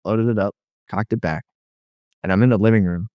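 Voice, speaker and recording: A man's voice: lowish voice, fairly quick, no room sound, highs cut off. A man giving a personal testimony as an interview guest, rambling and filling his speech with frequent "you know.". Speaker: guest telling his life story.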